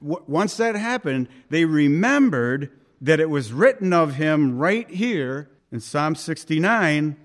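Dramatic, high-voiced preacher man. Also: very animated, slow, hardly any pauses. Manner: dramatic, swings between loud urging and hushed asides, acts out quoted voices. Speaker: pastor. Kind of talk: sermon.

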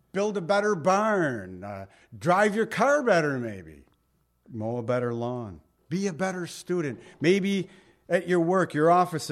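A man preaching a sermon in a folksy, conversational way, turning to the listeners with questions and chuckling now and then. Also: on the high side. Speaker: pastor.

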